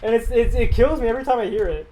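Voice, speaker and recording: A man's voice: very high voice, very fast, warm tone, a little hiss or hum. Young man chatting on a livestream. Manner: rambling, reads viewer questions aloud and answers them. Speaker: livestreaming animator. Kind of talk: casual livestream chat. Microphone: desk mic that clips when loud.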